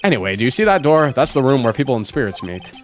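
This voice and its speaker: A man doing a brash, blustering gruff man. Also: medium pitch, very animated, faint music behind, close to an everyday voice. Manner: brash, rapid-fire, blustering. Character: gruff weather-hating middle-aged man, brusque.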